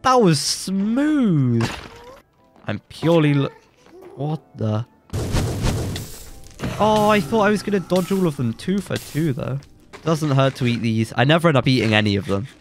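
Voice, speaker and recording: A young man with a blocked nose, giving excitable, joking commentary while playing a game and yelping when surprised. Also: on the high side, unhurried, pauses often, music in the background. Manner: excitable, jokey boasting, yelps when surprised. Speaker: gaming YouTuber. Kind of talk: let's play commentary.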